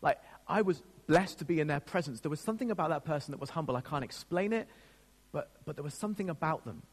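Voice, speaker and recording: A man's voice: a little high, lively intonation, quick pace, long reverb tail. A man preaching a sermon as a pastor, speaking in an earnest, emotional way with frequent restarts.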